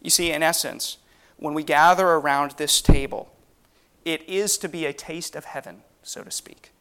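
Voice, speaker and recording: Man, preacher; earnest sermon delivery with rhetorical questions, a touch higher voice. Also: steady tone, normal speed, sharp tone, smooth.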